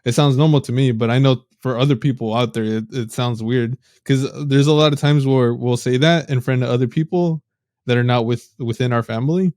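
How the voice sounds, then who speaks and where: A man's voice: mid-range voice, a little fast, no echo. Male co-host, mid-range voice, easygoing and slangy, dry close-miked podcast sound. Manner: relaxed, chatty, says "bro". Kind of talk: casual chat.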